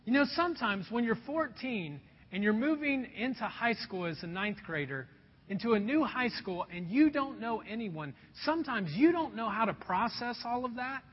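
Speaking in a very high, sing-song, husky voice at a moderate pace, an Indiana pastor shares a personal story during his sermon and earnestly calls his audience folks. Expect dull sound and long hall reverb.

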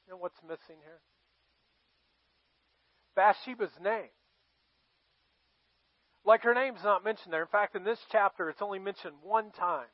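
A male pastor preaching a sermon in a conversational storytelling way, with dramatic pauses and questions to his listeners. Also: sits high, no room sound. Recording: dull, dry sound.

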